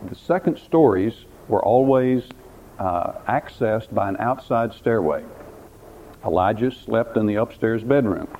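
Pastor preaching with dramatic questions. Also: male voice, medium pitch. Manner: dramatic storytelling, repeats words, asks the listeners questions. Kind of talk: sermon. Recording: tinny phone-like recording, faint hiss.

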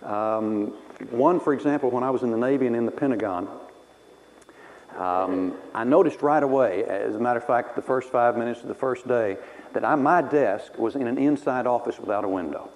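A man's voice: mid-range voice, moderate pace, a little mellow, rough recording. A man from Texas preaching a sermon through personal stories, wry and self-mocking, laughing at himself as he tells them.

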